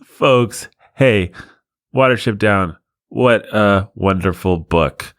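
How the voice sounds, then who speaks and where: A man's voice: lowish voice, takes it slowly, fairly bright tone, dry recording. A man hosting a podcast alone in the studio, riffing in a sarcastic, rambling way. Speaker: podcast host. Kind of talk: solo podcast monologue.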